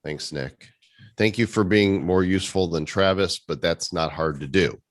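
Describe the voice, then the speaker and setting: Over a video call, a low-pitched man runs a casual community meeting at a moderate pace, with no room sound. As host, he keeps up joking, sarcastic banter aimed at his co-hosts.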